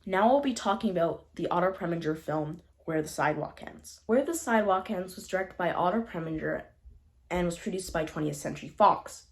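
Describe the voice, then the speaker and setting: A young woman talks casually about films, rambling along and catching her own slips with quick apologies. Her voice sits a little low for a woman, yet her pitch bounces around freely as she chats. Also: lively intonation. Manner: chatty, rambling, frequent self-corrections and apologies. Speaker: film reviewer. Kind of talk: casual unscripted film review.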